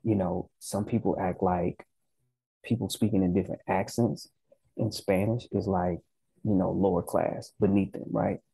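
A man with a Southern US drawl chats to camera in an easygoing, slangy way, peppering his talk with "you know" and "right". His voice sits very low with a gravelly fry and a mellow, husky tone. The sound is close and dry. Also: fairly even intonation, moderate pace, no echo, low-quality recording. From Southern United States. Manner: laid-back, conversational, slangy, frequent "you know" and "right". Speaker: language-learning channel host. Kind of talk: casual vlog talk.

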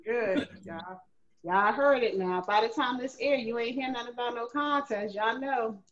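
A woman's voice: on the high side, moderate pace. A woman co-hosting a podcast in casual, slangy chat, teasing her co-host and laughing often. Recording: dull lo-fi audio.

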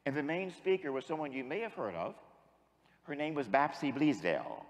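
A male priest preaches with a lively, swooping voice that keeps rising and falling. His pitch sits a little high for a man, and his words ring through a hall with a long echo. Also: a little fast. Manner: animated storyteller, acting out quotes. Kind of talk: sermon.

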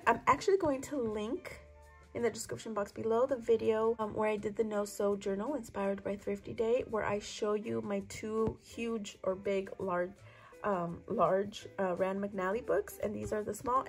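A woman with a hoarse voice from a lingering cough, gushing chattily over her thrift haul in a casual vlog. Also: a little high, low-quality recording. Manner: gushing, chatty, lots of "so pretty".

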